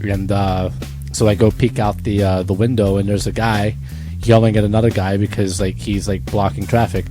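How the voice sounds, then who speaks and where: A man's voice: on the low side, moderate pace, music in the background. A man co-hosting a casual podcast, telling stories with a lot of laughter and acting out the people he quotes. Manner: animated storyteller, acts out the people he quotes, laughs often. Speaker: podcast co-host. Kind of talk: casual chat.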